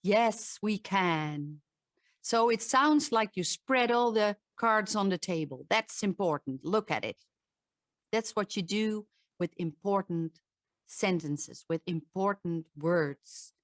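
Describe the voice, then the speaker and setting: A woman with a Dutch accent speaks slowly and deliberately, a voice coach explaining and demonstrating how the voice works. Her pitch is mid-range for a woman. The sound is close and dry, with little room echo. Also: lively intonation. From Netherlands. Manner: demonstrative, shifts pitch to show examples. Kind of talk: talk with vocal demonstrations.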